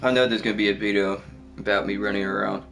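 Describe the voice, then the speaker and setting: A man streaming an online shooter, swearing nonstop and yelling repeated orders at his teammates between jokes. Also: on the low side, steady tone, fast talker, gravelly, faint music behind. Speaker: gamer streamer. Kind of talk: profane casual gaming chatter.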